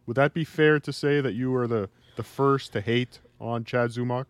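A man appearing as a guest on a casual podcast, talking quickly as he pitches an idea to the hosts. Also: fairly even intonation, smooth, dry recording.

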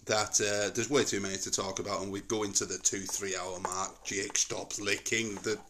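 A man's voice: on the low side, little pitch movement, brisk, background noise. A middle-aged man with a Northern English accent, hosting a casual family chat at home in a rambling, jokey, digressive way. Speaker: podcast host.

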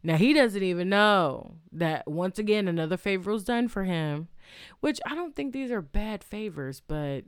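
A woman talks through a movie's story as if filling in a friend, stumbling over restarts and fillers. Her voice sits at a middling pitch and sounds smooth and clean. It is recorded close and dry. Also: animated, moderate pace, no room sound. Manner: rambling, loose retelling with many fillers and restarts; chatty, reacts aloud to the story. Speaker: movie recap vlogger. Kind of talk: casual movie plot recap.

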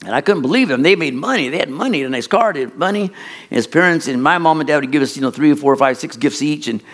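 High-voiced animated storytelling pastor, a man. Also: quick pace. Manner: animated, folksy, rambling storyteller. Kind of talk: storytelling sermon.

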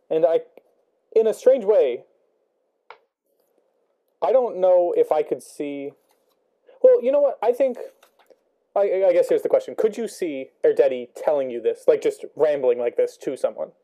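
A man's voice: a little high, expressive, a little slow, pauses often, dark tone. A young man talking through a book chapter casually, thinking aloud with many ums and rhetorical questions. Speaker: student discussing a book.

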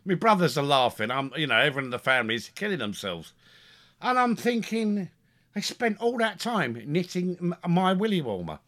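A man telling a funny family story in a casual podcast chat, animated and chuckling, stumbling over his words as he gets excited. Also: medium pitch. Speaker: podcast co-host.

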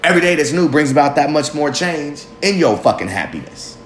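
A man's voice: fairly high pitch, very animated, brisk, slight background noise. A man hosting his own vlog, delivering a casual, heavily profane motivational monologue and talking emphatically to himself. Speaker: vlog host. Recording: echoey room with faint ambience.

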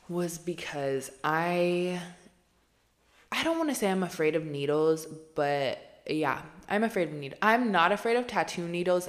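A woman, telling a personal story as a podcast host in a casual, chatty way, swearing freely and using lots of fillers. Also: low voice. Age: 20s.

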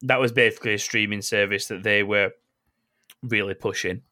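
A man's voice: fairly low pitch, fairly even intonation, normal speed, sharp tone. A man co-hosting a casual gaming podcast, ranting bluntly and swearing freely. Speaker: podcast co-host.

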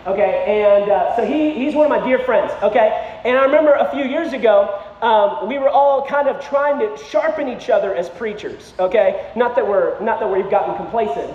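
A man preaching a sermon in a casual, storytelling way. He keeps checking in with "okay?" and builds to loud, emphatic peaks. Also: high-pitched, far from the mic, a little hiss or hum. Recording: echoey hall, dull lo-fi sound.

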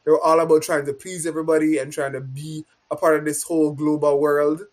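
A woman's voice: low-pitched, flat delivery, fast, a crowd in the background. A woman with a Jamaican accent in casual podcast chat, reflective and hedging her opinions. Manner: reflective, hedges with I feel like.

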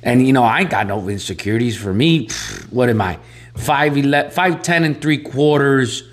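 A man co-hosting a casual podcast, talking in an animated, excitable way, repeating himself and calling his co-host "bro". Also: mid-range voice, normal speed. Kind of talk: casual chat.

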